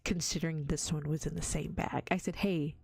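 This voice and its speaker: Whispery, gravelly-voiced woman in whispered role-play. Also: sits low, fairly even intonation, brisk, darkish tone, no room sound. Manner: chatty storytelling, giggly, slipping into whispers. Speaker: vtuber streamer.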